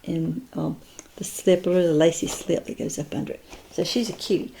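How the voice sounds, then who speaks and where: A woman's voice: lowish voice, quick pace, vocal fry, background noise. A woman chatting casually as she shows off her doll collection, admiring each piece and thinking aloud. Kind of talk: casual unboxing chat.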